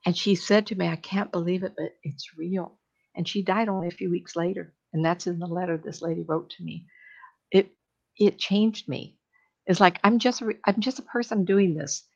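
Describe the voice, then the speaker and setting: Animated woman medium telling stories. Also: lowish voice, moderate pace, vocal fry, highs cut off. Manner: animated, laughs often, acts out voices. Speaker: psychic medium guest. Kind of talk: casual storytelling chat.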